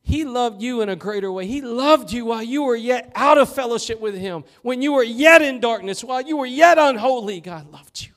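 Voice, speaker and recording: A man preaching a sermon as pastor in a church, fervent and swinging from loud to hushed. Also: extremely high pitch, expressive, a little fast, few pauses. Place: church sanctuary.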